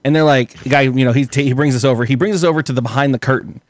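In a dry recording, a podcast host with a mid-range voice talks very fast. He's animated while telling a lengthy story in casual conversation, cursing freely and performing other people's quotes.

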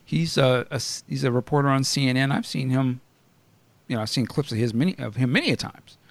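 A man hosting a podcast in casual chat, blunt and animated, often laughing and asking questions. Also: mid-range voice, a little fast, gravelly, no room sound. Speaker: podcast host.

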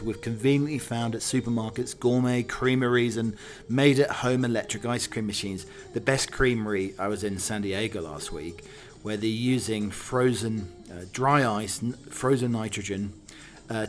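A British man hosting a casual talk show, wry and chatty, with many fillers. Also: on the low side. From United Kingdom. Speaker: host. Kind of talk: casual chat.

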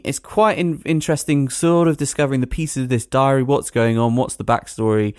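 A man hosting a podcast, reviewing a film in a rambling, animated way with plenty of hedging fillers. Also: mid-range voice, fairly quick, few pauses, smooth, no room sound, studio quality. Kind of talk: casual podcast chat.

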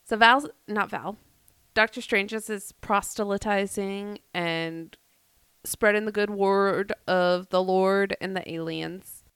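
A woman co-hosting a chatty podcast, laughing often as she retells a strange tale. Her voice sits at a middle pitch and sounds close and dry, with hardly any room. She drops into quick quoted voices for the people in the story. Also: steady tone, fairly bright tone, clean tone, no echo. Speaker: podcast co-host. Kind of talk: casual storytelling chat.

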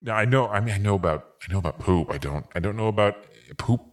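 A flustered traveler who stammers and pleads his innocence, as a man plays him in improvised comedy. His voice is mid-pitched and ordinary, and it jumps high whenever he protests. He keeps tripping over his own words as he apologizes. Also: expressive, fast talker, natural voice. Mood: pleading. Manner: stammering, pleading, giggling through lines. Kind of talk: improvised comedy role-play.

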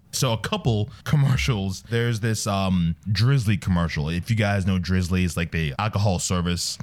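Brief: male guest performer, animated rant, pitch leaps all over. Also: moderate pace, few pauses. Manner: exasperated, animated, voices quotes. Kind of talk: comedic rant and casual chat.

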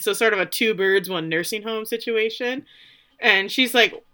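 A woman co-hosting a podcast, retelling scenes in animated quoted voices, a bit off the mic. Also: medium pitch, fairly quick. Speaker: podcast co-host. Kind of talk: casual recap chat.

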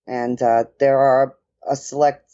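A woman with a New York accent co-hosting a casual podcast chat, talking with lots of fillers and lively quoted asides. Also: very deep voice, unhurried, highs cut off. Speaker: podcast co-host and dance professional.

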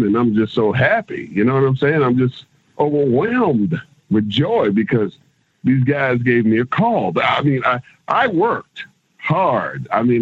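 A husky, medium-pitched middle-aged man, a former pro wrestler guesting on an interview, spins lively road stories. He acts out other people's lines and swears casually. The sound is dry, close and echo-free, coming through a tinny, phone-like line.

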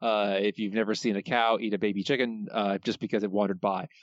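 A man's voice: on the low side, little pitch movement, fast, no echo, dull audio. A man co-hosting a casual podcast, recapping a plot in a wry way with plenty of filler words. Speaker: podcast co-host.

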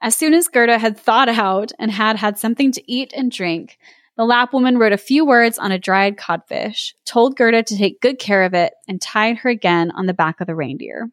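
A woman's voice: a little high, moderate pace, no room sound. Woman reading a fairy tale playfully, dry sound. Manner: reads with playful voices and laughs. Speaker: podcast co-host reading aloud. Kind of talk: storybook read-aloud with chat.

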